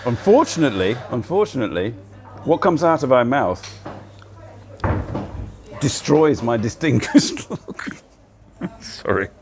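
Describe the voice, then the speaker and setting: A man's voice: medium pitch, very animated, a little slow, pauses often, background noise. A middle-aged man chatting casually on a livestream from a cafe, laughing often and poking fun at himself, recorded on a laptop mic. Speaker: livestream host.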